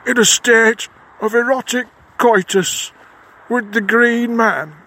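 A gruff lodge head with a broad Lancashire accent, put on by a man in a comedy. He talks in a high, unhurried voice, blunt and matter-of-fact, dropping swears without a second thought. The delivery stays deadpan throughout. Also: heavily acted. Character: gruff middle-aged northern Masonic lodge head.

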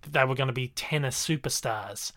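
A man's voice: mid-range voice, brisk, fairly bright tone. A man co-hosting a casual film review chat, enthusiastic and rambling, with fillers and restarts.

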